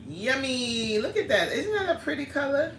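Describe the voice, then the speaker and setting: Animated woman chatting on a livestream. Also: high-pitched, moderate pace, roomy sound, slight background noise. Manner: chatty, reads viewer comments aloud with laughter. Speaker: livestream host. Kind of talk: casual live-stream chat.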